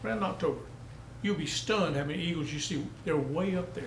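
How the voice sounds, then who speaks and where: A male pastor with a somewhat high voice preaches a sermon a little fast, spinning folksy down-home country stories that climb to emphatic peaks. The rough recording is reverberant, with slight background noise.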